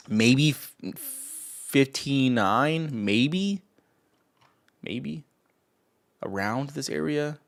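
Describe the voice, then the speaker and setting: A man's voice: mid-range voice, animated, extremely slow, creaky, pauses often. A young man hosting a trading livestream, talking casually and ranting at viewers in chat with sarcasm and profanity. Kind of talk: casual live stream chat.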